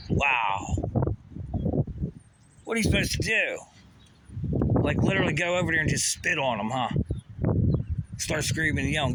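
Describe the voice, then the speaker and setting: A man's voice: on the high side, moderate pace, long pauses. A man ranting in an agitated, rambling way, swearing often. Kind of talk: angry rant. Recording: noisy background.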